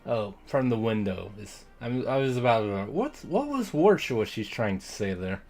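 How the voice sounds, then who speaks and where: A man's voice: fairly low pitch, normal speed, a little mellow, faint music behind. A man streaming a video game, talking casually in a rambling way that keeps breaking off and restarting, and sometimes reading the game's lines in playful accents. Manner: rambling, self-interrupting, trails off mid-thought; reads game dialogue aloud in playful put-on accents.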